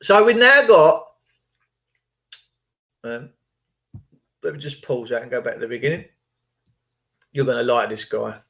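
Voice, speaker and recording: A man's voice: medium pitch, animated, a little slow, vocal fry, long pauses, bright, forceful tone. A man hosting his own channel, chatting casually and rambling as he retells stories and reacts to videos. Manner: chatty, rambling, retells phone calls in reported speech. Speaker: channel host. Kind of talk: casual chat.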